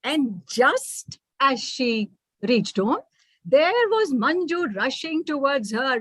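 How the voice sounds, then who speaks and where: A woman's voice: high-pitched, dry recording. A woman with an Indian English accent, a teacher narrating a story in a storytelling performance. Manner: expressive, measured narration.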